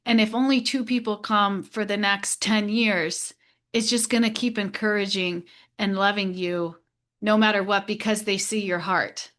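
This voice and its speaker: A woman hosts a relaxed spiritual conversation at a mid pitch. She speaks reflectively and encourages her guest gently. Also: moderate pace. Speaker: podcast host. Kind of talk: casual spiritual discussion.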